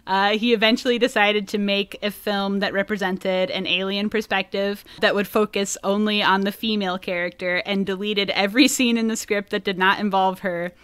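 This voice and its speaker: A woman's voice: medium pitch, steady tone, normal speed, hardly any pauses, fairly bright tone, smooth, dry recording. A woman hosting a casual film podcast, recapping research with frequent laughs and filler likes. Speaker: podcast host.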